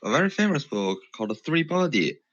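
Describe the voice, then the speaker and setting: Halting man on a muffled call. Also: a little high, very animated, a bit bright, dry recording. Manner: halting, restarts often. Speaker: caller. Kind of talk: casual chat in a second language.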